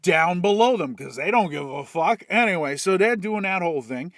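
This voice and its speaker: A man's voice: sits high, lively intonation, moderate pace, fairly bright tone, no room sound, clean studio sound. Profane, rambling comedic man. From Worcester, Massachusetts. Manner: profane, rambling, jokey asides. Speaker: comedic recapper. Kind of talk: comedic story retelling.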